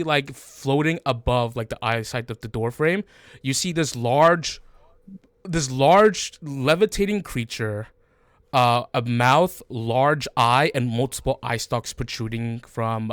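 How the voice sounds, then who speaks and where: A man's voice: medium pitch, a bit bright, no room sound, clean studio sound. A man narrating a tabletop game as game master, rambling with many fillers and restarts.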